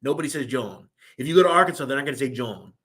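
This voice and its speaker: Hosting a casual live-stream, a young man from Philadelphia, USA, speaks with a Philadelphia accent, reading viewer comments in a loose, rambling way full of fillers. His medium-pitched voice is expressive, fairly bright, and very fast.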